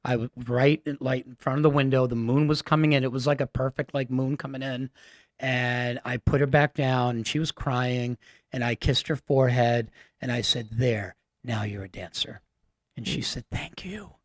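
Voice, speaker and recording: Radio guest, man, from Massachusetts, earnest and halting storyteller, dry studio sound. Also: mid-range voice, flat delivery, dry recording. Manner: earnest, halting, many fillers. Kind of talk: personal storytelling.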